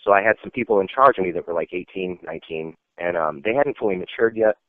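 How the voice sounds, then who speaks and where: A man's voice: low voice, fast, no echo. Veteran guy telling stories, lots of "like" and "you know", tinny dry audio. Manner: rambling, full of "like" and "you know". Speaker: army veteran interviewee. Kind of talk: casual storytelling. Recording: tinny phone-like dry sound.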